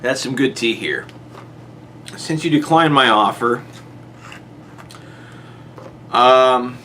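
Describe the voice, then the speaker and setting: A man's voice: medium pitch, takes it slowly, long pauses, bright, forceful tone, slight background noise. A man delivering an exasperated monologue to a rival YouTuber, his voice jumping up on rhetorical questions. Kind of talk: monologue to camera.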